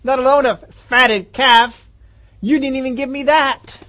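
A man's voice: high-pitched, expressive, quick pace. A man voicing a bitter, resentful older brother from a scripture story, complaining indignantly.

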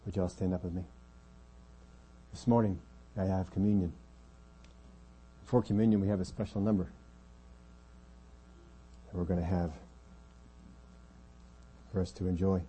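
A man preaching a sermon as pastor of a church, earnest, often dropping his voice quiet to make a point. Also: deep voice, fairly even intonation, moderate pace, long pauses, breathy edge.

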